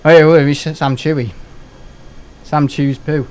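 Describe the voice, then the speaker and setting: A man's voice: on the high side, fairly even intonation, unhurried, darkish tone, a little hiss or hum. A young man streaming a game, rambling casually, joking, swearing and laughing often. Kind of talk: casual live-stream chat.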